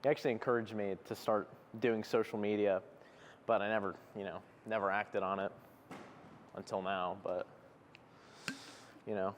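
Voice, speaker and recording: A young man with a lowish voice talks loosely and rambles, filling gaps with ums and likes. He is filming himself between sets in a gym, with faint gym noise in the background. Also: fairly even intonation, normal speed, long pauses. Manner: laid-back, rambling, heavy with fillers. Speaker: fitness vlogger. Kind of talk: casual gym vlog chat. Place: gym, indoors.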